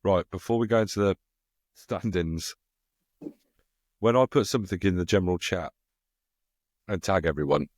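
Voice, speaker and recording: Deep-voiced man reading out darts results. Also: dry recording, clean studio sound. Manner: steady, unhurried, reads names out slowly. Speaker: co-host of a darts podcast. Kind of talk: casual chat.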